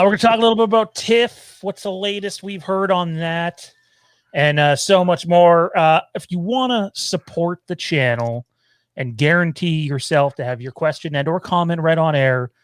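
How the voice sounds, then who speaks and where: Host, male, upbeat teasing patter, slightly high voice, dry close sound, video call. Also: expressive, unhurried, clean tone, no echo. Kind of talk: casual live show chat.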